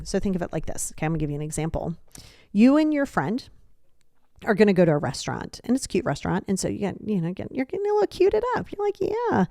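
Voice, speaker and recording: A woman's voice: medium pitch, warm tone, no room sound, clean studio sound. A woman hosting a self-help podcast, talking casually and animatedly, often acting out other people's voices with sarcasm. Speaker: podcast host. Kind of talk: casual advice talk.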